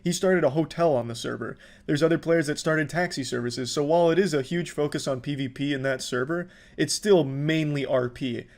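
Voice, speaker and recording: A young man giving a casual commentary monologue in a deadpan, flat delivery, swearing often. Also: fairly high pitch, brisk, few pauses. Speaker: commentary YouTuber.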